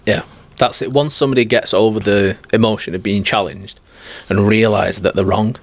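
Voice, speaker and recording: Blunt low-voiced male life coach. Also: fairly even intonation, normal speed, no room sound. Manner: blunt, direct and emphatic. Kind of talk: podcast conversation.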